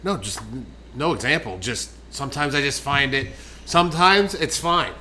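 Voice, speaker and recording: A man's voice: medium pitch, lively intonation, normal speed, bright, forceful tone, a little hiss or hum. A man co-hosting a podcast in casual chat, cracking jokes and quoting movies. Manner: joking, quotes movies, interrupts. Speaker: podcast co-host.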